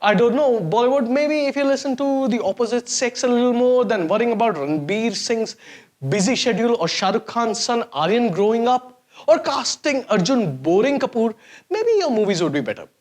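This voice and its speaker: A man's voice: extremely high pitch, lively intonation, normal speed. A man hosting a sarcastic, mocking comedy rant to camera. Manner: sarcastic, mocking, exaggerated swings of voice. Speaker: host.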